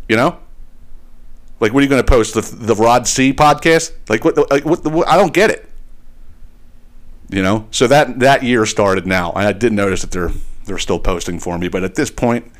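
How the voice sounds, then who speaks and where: A man hosting a podcast, telling a long casual rant about a business letting him down, animated and profane, restarting phrases often. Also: medium pitch, normal speed. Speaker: podcast host.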